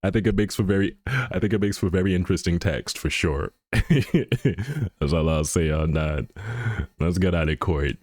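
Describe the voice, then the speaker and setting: Deep-voiced man streaming, rambling and joking. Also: animated, moderate pace, darkish tone, dry recording. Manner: rambling and joking, with many fillers and restarts; laughs often while talking. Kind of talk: casual chat on a live stream.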